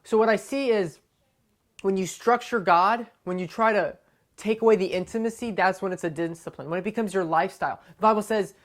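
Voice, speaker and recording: A woman's voice: medium pitch, brisk. A woman giving a short, conversational devotional talk to camera, often checking in with "right?". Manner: conversational, keeps asking "right?". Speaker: devotional speaker.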